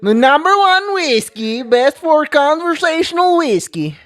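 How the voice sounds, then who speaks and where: A man putting on a boastful foreign reporter with a mock accent, delivered slowly and overblown for laughs. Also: very high voice, big pitch swings, fairly bright tone, voice pushed up, full character voice. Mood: goofy boasting. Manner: slow, overblown, sing-song comic delivery.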